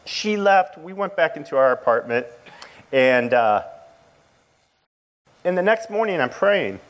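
Father giving a halting church testimony. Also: on the high side, very animated, poor audio. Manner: halting, emotional storytelling with many restarts. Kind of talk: personal testimony to a church audience.

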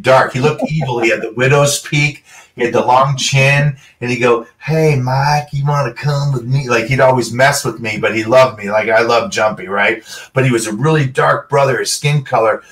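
A middle-aged man, a former pro football player, telling animated stories as a guest and acting out other people's lines. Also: mid-range voice, normal speed. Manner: animated anecdotes, acts out quotes. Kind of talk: storytelling interview. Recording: voice a bit far from the mic.

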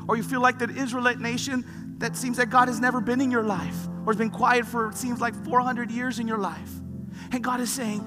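A man's voice: very high voice, level tone, a little fast. A man preaching a sermon, retelling scripture stories with rising fervor. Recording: long reverb with music behind.

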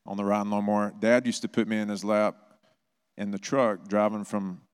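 A middle-aged man preaches in a church sanctuary, speaking in a somewhat low voice. He tells stories conversationally, with animated bursts of energy. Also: fairly quick, clean tone. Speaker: pastor. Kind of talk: sermon with personal stories.

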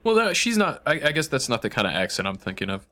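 A man's voice: mid-range voice, wildly swooping pitch, fast, bright, forceful tone. A man co-hosting a podcast in casual chat, laid-back and wry. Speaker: podcast co-host.

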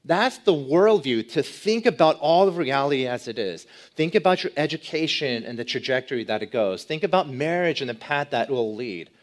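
A man's voice: on the high side, lively intonation, normal speed, hardly any pauses. A man preaching an expository sermon as pastor, emphatic, repeating key words and putting questions to his listeners.

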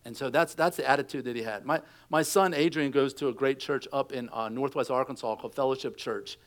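A man's voice: mid-range voice, fairly quick. A middle-aged man preaching a sermon, telling stories and acting out quotes in a conversational way. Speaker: pastor.

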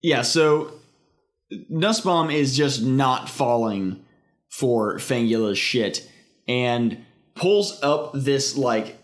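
A man in a casual chat, recapping a film in a halting way full of fillers and restarts. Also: medium pitch, expressive.

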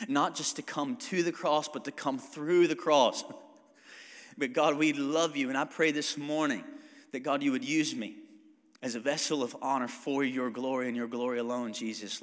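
A man preaching to a congregation in a fairly high, bright voice. He calls out for amens and swings from loud preaching to soft, hushed prayer. His voice rings with a long reverb from the church sanctuary. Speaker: pastor. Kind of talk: sermon.

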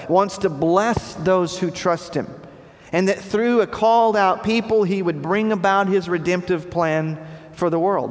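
High-voiced preaching man in a reverberant hall. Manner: emphatic preaching with repeated phrases, voice dropping at line ends. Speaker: pastor. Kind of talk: sermon. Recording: long reverb of a large hall.

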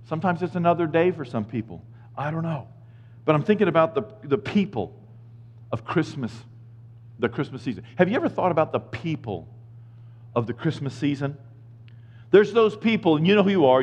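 Man in his fifties, pastor, sermon, lively and joking, high voice, long hall reverb. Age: 50s. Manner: animated, jokey, shifts from hushed to shouting.

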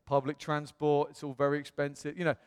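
Guy preaching a story, kinda high voice, big echoey hall, acts out all the quotes. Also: brisk, noisy background. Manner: animated storytelling, acts out quotes, self-mocking humor. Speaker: pastor. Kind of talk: personal testimony sermon. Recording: long reverb in a hall.

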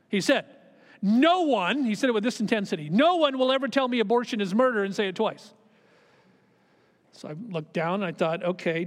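Middle-aged male pastor, higher voice, storytelling sermon, swings from hushed to emphatic; church hall echo. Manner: storytelling, shifts between quiet asides and emphatic raised lines. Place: church sanctuary. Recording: long hall reverb of a church.

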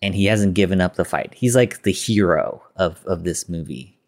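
Male podcast host, slightly low-pitched, rambling casual recap. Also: moderate pace, a little mellow. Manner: loose retelling with quoted lines and filler words.

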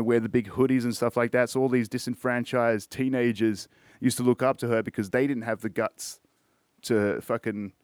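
This Australian podcast host speaks in a mid-range voice, captured at studio quality with no room sound. He runs a laid-back music show, swearing frequently and wandering off topic amid fillers and false starts.

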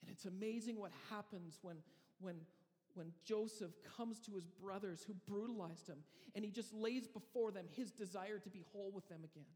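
High-voiced guy preaching in a church, long reverb, lots of pauses. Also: mellow. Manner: storytelling with dramatic pauses and frequent restarts. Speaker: pastor. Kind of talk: sermon.

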